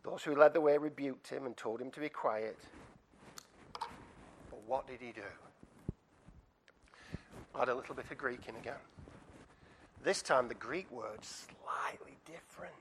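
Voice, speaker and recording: A man preaching a sermon and telling a story with animated asides to the congregation. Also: mid-range voice, a little slow, pauses often, slight background noise.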